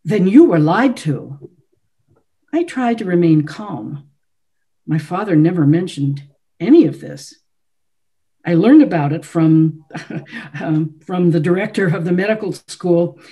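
Brief: a woman author reading her novel aloud, mellow and soft in tone. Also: deep voice, a little slow. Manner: first-person literary narration.

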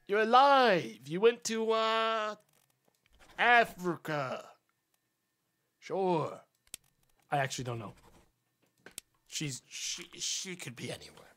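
This streamer's voice sits high and has a sharp edge, and he speaks slowly with long pauses. Working through a mystery game on a live stream, he muses casually and talks to his chat along the way.

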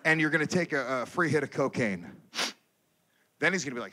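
A man performing a stand-up comedy set on stage, telling a crude story in an animated way and breaking into loud impressions. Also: medium pitch, fast talker. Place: comedy stage before a live audience.

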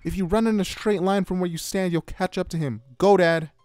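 A man voicing an anxious teenage farm girl who calls and shouts urgently across a yard. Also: medium pitch, very animated, moderate pace, no room sound, faint music behind, lightly acted. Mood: panicked shouting.

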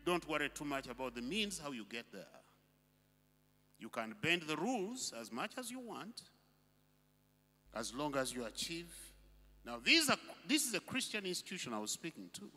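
High, lively preaching man in an echoing hall. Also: normal speed, long pauses. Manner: emphatic preaching with rhetorical questions. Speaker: pastor. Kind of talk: sermon. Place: church hall. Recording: long reverb of a hall.

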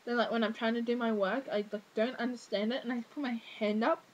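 A woman's voice: on the high side, steady tone, fast, highs cut off. A teenage girl, ranting casually to camera with lots of fillers, exasperated. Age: teens. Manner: exasperated, rambling with many fillers. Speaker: vlogger.

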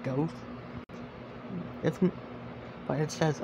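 A man's voice: a little high, takes it slowly, creaky, long pauses, muffled recording, background noise. A young man making a casual vlog, reading viewer comments aloud in an exasperated way. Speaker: YouTuber.

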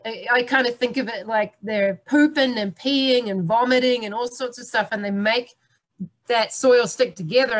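A middle-aged woman gives a conference presentation on the land. She talks in a lively, chatty way at a mid pitch and jokes with the people listening. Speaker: soil health speaker.

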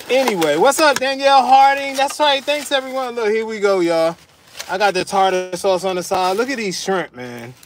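A man talking casually to his viewers while he films a food vlog at a fish market and by his truck. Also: fairly high pitch. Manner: chatty, keeps addressing viewers as y'all. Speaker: food vlogger. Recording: loud background street and vehicle noise.

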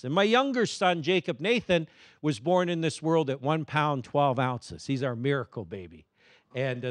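A middle-aged man giving a lively, humorous keynote presentation to a live audience, often calling on the crowd to answer him. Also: mid-range voice, dry recording, clean studio sound. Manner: energetic, humorous, prompts audience responses. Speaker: motivational speaker.

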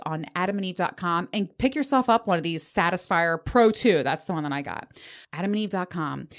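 A woman in her forties hosting a solo podcast, telling stories in a candid, profane way with frequent laughter. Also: fairly low pitch. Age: 40s. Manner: profane, laughing, animated storytelling. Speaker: podcast host.

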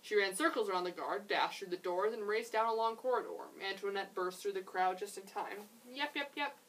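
A young woman, a children's librarian, reading a picture book aloud in a gentle, expressive way with chatty asides. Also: medium pitch, brisk, far from the mic, slight background noise, poor audio.

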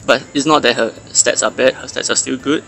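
A man's voice: mid-range voice, steady tone, fairly quick, creaky, a bit bright, faint music behind. A man hosting a mobile game channel, chatting casually and analytically about characters and stats, with fillers and restarts.

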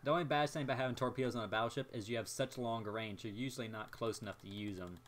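Young male gameplay commentator, mid-range voice; excitable, self-mocking running chatter. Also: medium pitch, quick pace, slight background noise. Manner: excitable, jokey, talks to himself while playing.

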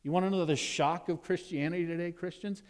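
Man, pastor from Nevada, preaching with animated storytelling, somewhat high voice, echoing church hall. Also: fairly quick. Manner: animated storytelling, swings from loud exclaims to hushed asides. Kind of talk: sermon. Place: church sanctuary with congregation. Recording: long hall reverb in a church.

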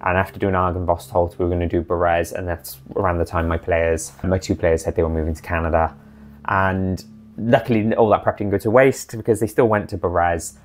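A man recapping his tabletop campaign as dungeon master, in a chatty, animated way. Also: deep voice, slight background noise.

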